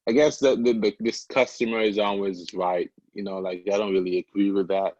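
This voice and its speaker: A man's voice: lowish voice, steady tone, normal speed, a little mellow, dry recording, lo-fi sound. A young man from Antigua, a podcast guest, chatting in an easygoing way with frequent laughs and fillers. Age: young adult. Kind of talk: casual interview chat.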